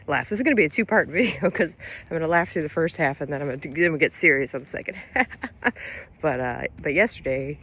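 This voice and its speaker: A woman's voice: low voice, a bit bright. A woman with a Southern US accent talking straight to camera in a casual rant, laughing often, blunt and profane, with sudden bursts of emphasis. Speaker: LGBTQ resource center director and Army veteran.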